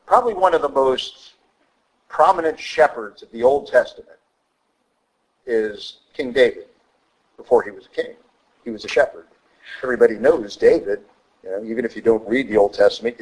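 A man's voice: on the low side, low-quality recording. A man preaching a sermon as a priest, blunt and conversational with emphatic asides.

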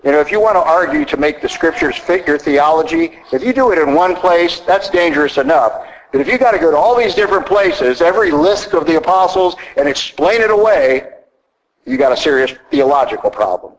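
Emphatic Southern American preacher, fairly high voice. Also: male voice, lively intonation, a little fast, poor audio. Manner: emphatic, repetitive teaching cadence with rhetorical questions. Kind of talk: sermon.

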